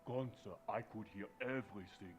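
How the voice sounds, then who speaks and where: A man's voice: on the low side, normal speed, close to an everyday voice. An actor playing a cold, smug male spy in a mystery video game. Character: menacing male spy plotting profit, adult.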